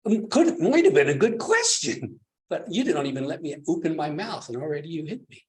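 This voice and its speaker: Man doing an aggrieved young monk, pitched up, indignant. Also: very animated, a little fast, crowd noise.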